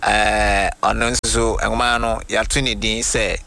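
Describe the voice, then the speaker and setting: Ghanaian male preacher, crisp bright tone, deliberate reader of quotes. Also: on the low side, flat delivery. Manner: reads quotations slowly and deliberately, then explains. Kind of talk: sermon teaching with quoted readings.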